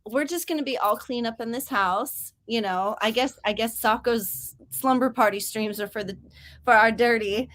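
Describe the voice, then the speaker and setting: A woman's voice: fairly high pitch, moderate pace, fairly bright tone. A woman hosting a casual writing livestream, chatty and upbeat, reading viewer comments aloud. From grew up near Mexico. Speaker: host of writing sprint livestream.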